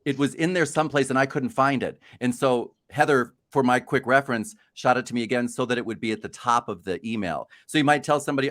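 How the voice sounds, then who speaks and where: A man's voice: medium pitch, fast talker, hardly any pauses, a bit bright. A man co-hosting a casual chat about job hunting, rambling and self-deprecating. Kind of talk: casual video-call chat.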